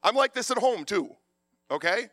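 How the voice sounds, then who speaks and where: A man delivers a sermon in a loud, passionate, animated way. His voice sits a bit high and rings bright and forceful. The sound is dry and close. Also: normal speed, no echo. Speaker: preacher.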